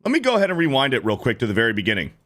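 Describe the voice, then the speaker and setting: Animated man ranting on a stream. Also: mid-range voice, rapid-fire. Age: 30s. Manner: animated, repetitive, profane ranting. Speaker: streamer host reacting to clips. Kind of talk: casual reaction commentary.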